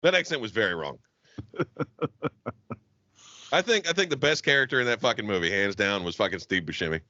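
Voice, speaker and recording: A man's voice: on the low side, animated, a little fast, sharp tone, no echo, highs cut off. A man from the Southern US co-hosting a podcast, chatting casually with a profane, joking manner and frequent laughter. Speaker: podcast co-host. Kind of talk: casual comedic chat.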